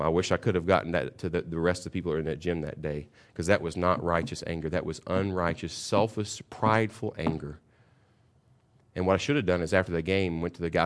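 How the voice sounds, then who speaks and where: A middle-aged man, a pastor, preaching a sermon and telling a story, going from calm teaching to loud bursts. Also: low voice.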